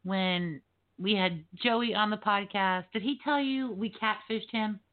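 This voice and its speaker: A woman hosting a podcast, telling a story in an animated, casual way with swearing and lots of fillers. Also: medium pitch, unhurried. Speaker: podcast host. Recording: tinny phone-like line.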